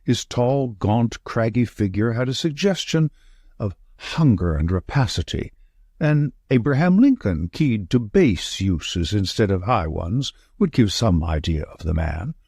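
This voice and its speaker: Husky male audiobook narrator. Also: lowish voice, sing-song, a little mellow, no room sound, clean studio sound. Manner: measured, descriptive storytelling. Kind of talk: scripted story narration.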